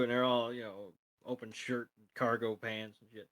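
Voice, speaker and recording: List: man, podcast co-host, crude jokey banter, rambling, middle pitch. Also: level tone, a little slow, bright, forceful tone. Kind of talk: casual episode recap chat.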